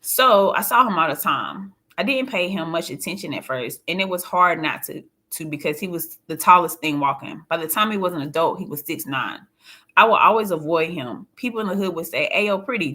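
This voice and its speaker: Bright-voiced woman narrating an audiobook. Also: sits low, animated, a little fast. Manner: plain, confiding storytelling. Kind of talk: first-person audiobook narration.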